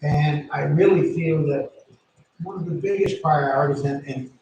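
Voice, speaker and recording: A man's voice: a little high, measured pace, vocal fry, highs cut off. A man on a town zoning board, reading survey questions aloud and giving his plain opinions on them. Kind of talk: casual meeting discussion. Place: town meeting room. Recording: very echoey room, distant mic, faint noise.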